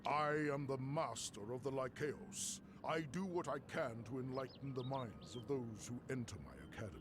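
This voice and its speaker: An actor playing a male academy master in a video game, speaking in a measured, formal way. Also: mid-range voice, noisy background, close to an everyday voice. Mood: lofty.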